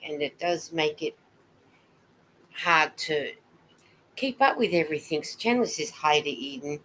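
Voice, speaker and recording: Low-voiced woman chatting live. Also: animated, a little slow, long pauses, fairly bright tone, rough recording. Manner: chatty and rambling, greeting viewers and reading their comments aloud. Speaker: knitting vlogger hosting a live stream. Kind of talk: casual live-stream chat.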